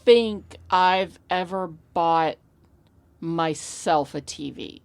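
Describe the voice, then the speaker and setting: A woman co-hosting a casual movie podcast, blunt and animated, swearing freely. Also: on the low side, extremely slow, smooth, no echo. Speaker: podcast co-host.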